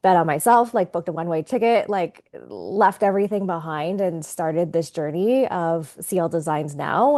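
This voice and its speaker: Podcast guest, woman designer, lowish voice, thoughtful, rambling with "like". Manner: warm, reflective, frequent "like" fillers. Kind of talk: casual podcast interview.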